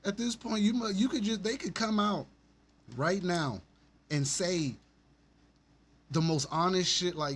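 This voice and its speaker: Male podcast host, mid-high voice, rambling profane commentary, home setup with faint background noise. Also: lively intonation, brisk. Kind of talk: ranting solo commentary.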